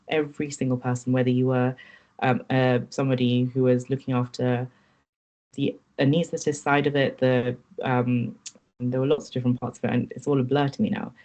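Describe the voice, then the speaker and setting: A woman's voice: rumbling low, little pitch movement, normal speed, dark tone, low-quality recording. A woman who is a podcast guest, giving an earnest, reflective and candid personal account in an interview.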